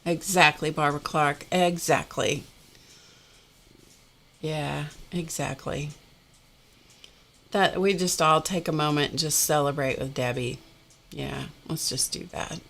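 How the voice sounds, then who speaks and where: A woman's voice: sits low, steady tone, slow pace, gravelly, long pauses, a bit bright, slight background noise. Chatty woman hosting a craft livestream. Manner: chatty, rambling, laughs often, talks to viewers by name. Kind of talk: casual livestream chat.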